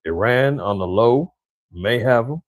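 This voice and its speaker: A man hosting a casual news commentary show, talking in an animated, slangy way and mimicking the leaders he quotes. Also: medium pitch, unhurried, no echo.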